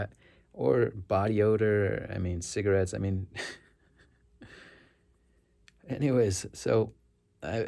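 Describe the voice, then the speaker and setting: A man's voice: sits low, gravelly, warm tone. A middle-aged man, a rideshare driver, telling a story casually and earnestly, rambling and correcting himself as he goes. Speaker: rideshare driver sharing stories.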